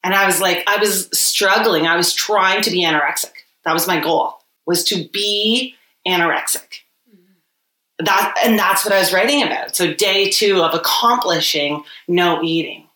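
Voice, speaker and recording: A woman's voice: lowish voice, moderate pace, bright, forceful tone. A woman, a podcast guest openly and reflectively telling her own story with many "like" fillers. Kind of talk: candid personal storytelling. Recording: roomy echo.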